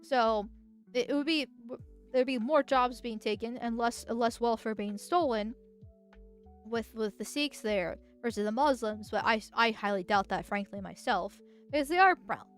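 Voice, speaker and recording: A woman streamer giving casual commentary on posts, thinking out loud and restarting her sentences often. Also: a little high, moderate pace, clear, resonant tone, soft background music. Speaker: political streamer.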